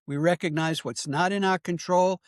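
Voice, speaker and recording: Older male guest, teacherly and emphatic; higher-pitched, dry close sound. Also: fairly even intonation, normal speed, clear, resonant tone, no echo. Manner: earnest, emphatic, teacherly with tag questions. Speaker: psychologist and author guest. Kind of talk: interview answers, explanatory.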